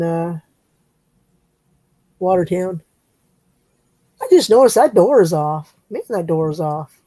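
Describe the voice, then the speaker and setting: A woman's voice: on the low side, warm tone, no room sound. Chatty woman, dry close sound. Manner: rambling, chatty, playfully teasing. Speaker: livestream craft host. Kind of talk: casual chat while crafting.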